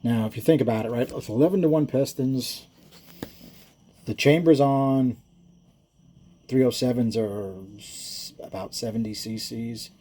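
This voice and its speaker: A man's voice: medium pitch, unhurried, long pauses, mellow, a little hiss or hum. A man who builds engines, explaining his work in casual, rambling shop talk that wanders into stories, with frequent self-corrections and chuckles.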